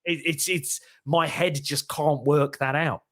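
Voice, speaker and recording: A man's voice: fairly high pitch, steady tone, unhurried, fairly bright tone, no echo, clean studio sound. A man, a comedian and impressionist, chatting as a podcast guest, rambling with frequent restarts and self-deprecating remarks. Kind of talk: casual podcast interview.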